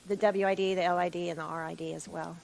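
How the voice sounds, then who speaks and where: A woman's voice: fairly low pitch, flat delivery, vocal fry, a little mellow, a little hiss or hum, rough recording. Woman testifying at a formal hearing. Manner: measured, detailed answers with some restarts. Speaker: utility staff witness. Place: hearing room.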